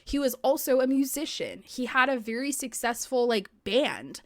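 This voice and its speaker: A young adult woman runs a podcast in a relaxed, chatty style, full of "like" and offhand swearing, recorded on a podcast mic. Her high voice has a sing-song quality and a moderate pace, and the recording is dry.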